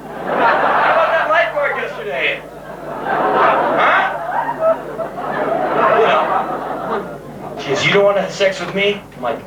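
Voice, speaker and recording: A thirtysomething spoken word performer tells a self-deprecating, sarcastic tale full of profanity, live in a pub in front of a crowd. He speaks slowly in a high voice whose pitch swoops wildly, pausing often amid crowd noise. It's captured on a noisy, distant, echoey bootleg tape.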